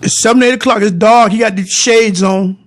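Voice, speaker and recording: A man's voice: sits high, fairly even intonation, moderate pace. A man telling viewers a personal story, rambling and repeating himself as he speaks to them directly. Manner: rambling and repetitive, restarting phrases and addressing the audience directly.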